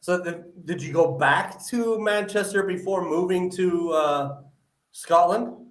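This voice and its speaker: A man's voice: sits high, slow. Echoey-sounding man hosting a live podcast. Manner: friendly, asks follow-up questions, many "uh" fillers. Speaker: podcast host.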